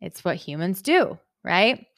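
A woman's voice: on the low side, big pitch swings, takes it slowly, a bit bright, dry recording, clean studio sound. A young adult woman hosting her own podcast, talking in a casual, upbeat monologue and often tagging sentences with "right?". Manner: chatty, upbeat, frequent "right?" tags. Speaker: podcast host.

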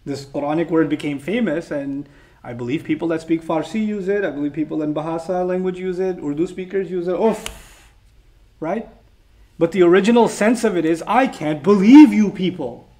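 Male Quran teacher, high pitch, emphatic sermon delivery, rises to loud animated peaks. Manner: emphatic, builds to raised animated outbursts; chants quoted verses quickly. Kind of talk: explanatory sermon.

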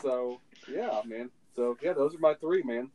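A man's voice: medium pitch, a little slow, mellow, low-quality recording. Laid-back chatty podcast man. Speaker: podcast co-host. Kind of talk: casual podcast chat.

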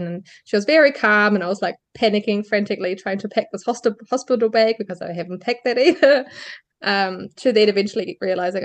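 A woman's voice: mid-range voice, a little fast. Candid woman telling her birth story. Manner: candid, laughs lightly between phrases. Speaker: podcast guest. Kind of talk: personal birth story in an interview.

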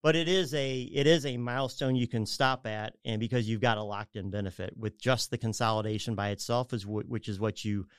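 Appearing as a guest on a radio show, a mortgage advisor explains home equity and debt in a loose, rambling way, correcting himself and impersonating clients as he goes. He has a smooth, mid-range voice and talks fairly quickly with few pauses. The studio sound is clean, with no room noise.

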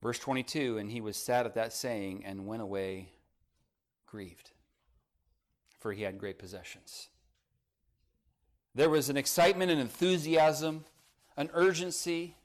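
A man preaching a sermon, rising to emphatic peaks and dropping to quiet, soft passages, and reading scripture aloud. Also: fairly high pitch. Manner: reads scripture in old-style phrasing. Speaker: pastor.

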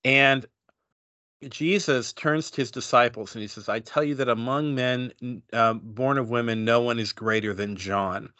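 Man, bright forceful voice, dry close sound, thoughtful panel talk, restarts. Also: mid-range voice, fairly even intonation, normal speed, no echo, lo-fi sound. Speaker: panel member. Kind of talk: church panel discussion.

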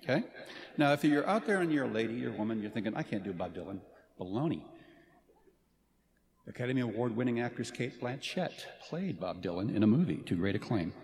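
A man giving a commencement speech as a faculty speaker, earnest but playful, with dramatic pauses. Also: mid-range voice, animated, darkish tone. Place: large ceremony hall. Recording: reverberant hall, faint ambience.

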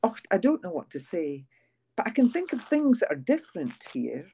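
A woman from Scotland, an English teacher, with a softened Scottish accent, speaking carefully and clearly in an interview. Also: medium pitch, sing-song, moderate pace, highs cut off.

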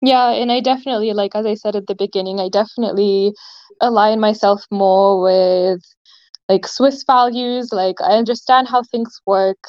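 A woman's voice: medium pitch, steady tone, normal speed, darkish tone, clear, resonant tone, no room sound, muffled recording. A young woman from Russia, a podcast guest, chatting casually with lots of "like" and hesitations. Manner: says "like" constantly, many hesitations. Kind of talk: casual chat.

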